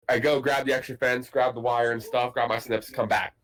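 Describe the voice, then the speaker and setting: A man's voice: mid-range voice, fairly even intonation, a little fast, hardly any pauses, a bit bright, rough recording. A man hosting a podcast, telling a casual story in a profane, boisterous, joking way. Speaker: podcast host.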